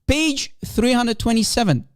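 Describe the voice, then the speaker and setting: With an extremely high, smooth voice and an unhurried delivery, this man is heard in studio quality with no echo. He's a religious debater, Arabic as his first language, giving livestream commentary full of scorn and emphasis, laughing at his opponent and repeating himself to make his points stick.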